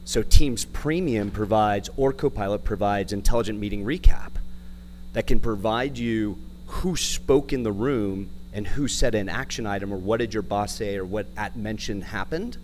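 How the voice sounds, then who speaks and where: A man speaks up from the audience at a conference session, businesslike and running through his points one after another. His voice is a little low. A faint hum sits behind him. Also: moderate pace, a little mellow. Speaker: audience member, systems integrator. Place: conference room.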